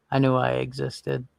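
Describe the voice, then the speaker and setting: A man's voice: mid-range voice, gravelly, no room sound. A man hosting a casual livestream, rambling and thinking aloud while browsing and chatting with viewers. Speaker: livestream host.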